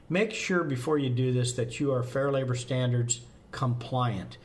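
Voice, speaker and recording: Folksy rambling American man. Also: mid-range voice. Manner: folksy, rambling, jokes at himself. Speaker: fire service presenter. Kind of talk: casual podcast talk.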